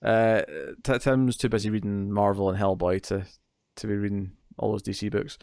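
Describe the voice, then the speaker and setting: A man's voice: fairly low pitch, flat delivery, normal speed, a little mellow, smooth, no echo. Man, podcast host, casual rambling chat, dry close sound. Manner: rambling, filler-heavy, jokey.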